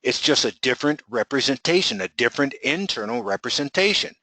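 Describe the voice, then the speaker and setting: A man leads a coaching webinar in a bright, forceful voice and keeps throwing rhetorical questions at his listeners. His sound is dry and close, with almost no room around it. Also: medium pitch, fairly quick, no room sound, rough recording. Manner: energetic, rhetorical questions to the audience.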